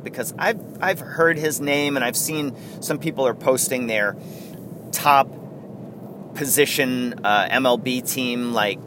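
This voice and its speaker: A man's voice: mid-range voice, a little slow, noisy background. A man hosting a casual sports podcast, rambling and correcting himself as he chats. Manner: rambling, self-correcting, chatty. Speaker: podcast host.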